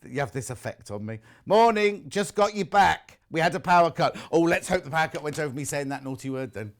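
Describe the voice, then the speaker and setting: A man's voice: fairly high pitch, expressive, brisk. A male TV shopping host who chats live in a studio, reads out viewer messages and jokes about himself. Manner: chatty, self-mocking, jokey. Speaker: shopping channel presenter.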